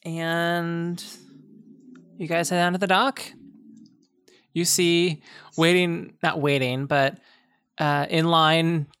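A woman's voice: fairly low pitch, little pitch movement, slow pace, pauses often, fairly bright tone, clean tone, no echo, studio quality. A woman game master narrating a tabletop game in a rambling way, with lots of restarts and laughs.

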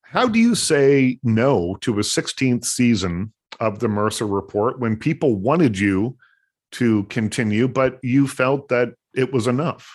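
Male host-interviewer, mid pitch, attentive, steady questions and links. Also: unhurried. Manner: attentive, laughs along, short affirmations.

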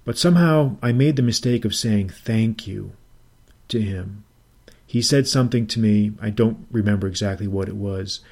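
A middle-aged man hosts a reflective storytelling monologue. His voice sits somewhat low, and he speaks deliberately, often restating a phrase before pressing on. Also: a little mellow.

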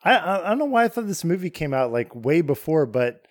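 Slightly high-voiced man, casual and enthusiastic. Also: very animated, a little fast, dry recording, clean studio sound. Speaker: podcast co-host. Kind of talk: casual chat.

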